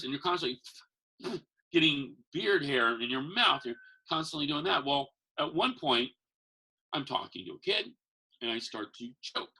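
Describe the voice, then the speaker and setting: A man, a magician who works as Santa, telling stories in a casual chat and acting out the voices of the people in them. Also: slightly rough. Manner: animated, acts out quotes with big pitch jumps. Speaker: podcast guest, magician and Santa performer. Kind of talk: casual storytelling.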